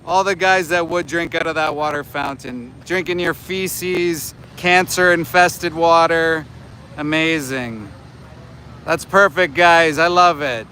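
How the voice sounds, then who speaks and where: A man's voice: a little high, steady tone, takes it slowly, bright, forceful tone, a little hiss or hum. A man in his forties livestreaming outdoors as an activist, talking back to his chat with scolding sarcasm. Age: 40s. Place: outdoors near a slaughterhouse by homes.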